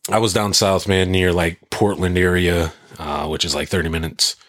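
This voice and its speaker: Here a profane, lively storyteller with a deep, husky voice shares what happened to him during a casual conversation, pushing the tale along with energy. The pace is moderate, and the recording is close and dry, without any echo.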